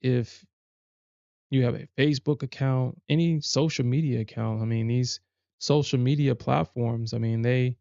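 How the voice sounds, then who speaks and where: Male livestream host, gravelly and dry, rambling with frequent restarts. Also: mid-range voice, steady tone, normal speed, warm tone, no echo, lo-fi sound. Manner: rambling, many restarts and self-corrections. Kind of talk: casual livestream chat.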